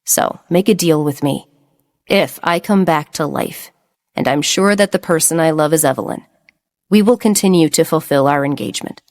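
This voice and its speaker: A woman voicing a gravely ill young man who speaks gently and solemnly. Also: deep voice, moderate pace.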